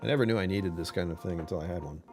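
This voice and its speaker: A man's voice: sits low, rapid-fire, music in the background. A man chatting casually on a live stream, rambling and joking with viewers.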